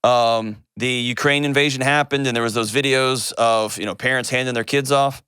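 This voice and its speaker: A man, hosting an advice call-in show and answering a caller in an earnest, gentle way. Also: medium pitch, fairly even intonation, normal speed, smooth, no echo, clean studio sound. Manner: earnest and gentle, shifts pace often.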